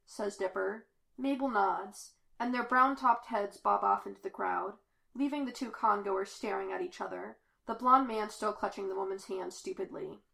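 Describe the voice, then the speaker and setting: A woman narrating a fan-fiction audiobook in a lively, expressive way. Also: mid-range voice, normal speed, creaky. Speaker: podfic reader.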